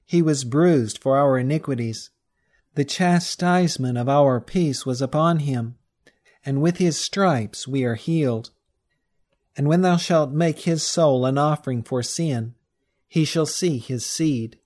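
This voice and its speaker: A man reading a sermon text aloud in a measured, solemn way, slowing down on the scripture quotes. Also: a little high, darkish tone. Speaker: reader of a religious text.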